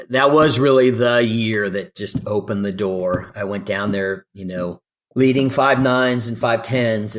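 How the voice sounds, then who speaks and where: A man in his fifties, from California, telling lively stories as a podcast guest and acting out quoted dialogue. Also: sits low. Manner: animated storyteller, acts out quoted dialogue. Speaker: guest climber. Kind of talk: storytelling interview.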